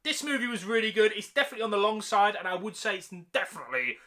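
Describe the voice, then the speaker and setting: Young male vlogger, high and sharply bright voice, slangy enthusiastic reviewer. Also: sing-song, very fast. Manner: enthusiastic slangy chatter, calls listeners mate. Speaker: movie reviewer. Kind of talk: casual film review.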